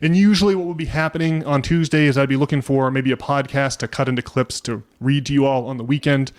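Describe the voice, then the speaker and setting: A man's voice: medium pitch, fairly even intonation, fast talker. A man co-hosting a casual podcast, rambling through a story with lots of restarts. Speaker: podcast co-host.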